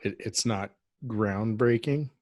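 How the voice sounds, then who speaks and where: A man's voice: on the low side, slow pace, a little mellow, dry recording. A man co-hosting a casual podcast, tossing in dry quips. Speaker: podcast co-host. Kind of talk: casual chat.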